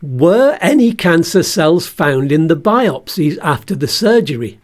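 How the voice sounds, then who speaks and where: A man's voice: high-pitched, very animated, unhurried. A man talking in a casual personal vlog, chatty and jokey as he shares health news with his viewers. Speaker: vlogger and musician.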